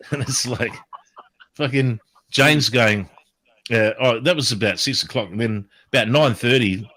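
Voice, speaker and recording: Chatting casually as a livestream host, a man tells an animated story, swearing constantly and acting out what people said. His voice is mid-range and his delivery unhurried.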